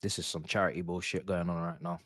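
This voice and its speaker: A man's voice: low voice, level tone, quick pace, a bit bright, dry recording. Exasperated young man muttering. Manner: exasperated, swearing, muttering to himself. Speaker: football watch-along host. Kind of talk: live reaction commentary.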